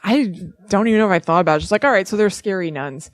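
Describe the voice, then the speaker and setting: A woman's voice: medium pitch, animated, rapid-fire, no echo. A woman co-hosting a podcast, casually chatting about a horror film and agreeing often. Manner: agreeable, lots of short backchannel replies. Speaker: podcast co-host. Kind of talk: casual movie review chat.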